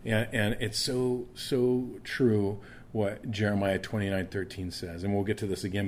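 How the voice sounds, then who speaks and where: A man's voice: on the low side, little pitch movement, unhurried, slight background noise. A man preaching a sermon, earnest and conversational, often stumbling over repeated words as he restarts a thought. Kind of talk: sermon with scripture reading.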